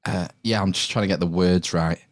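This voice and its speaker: A British man with a very deep voice spins an offhand, laid-back story in casual podcast chat. He swears freely and breaks into laughter easily. The sound is dry and close, with no room echo. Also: steady tone, fairly quick. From United Kingdom. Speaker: podcast guest or co-host.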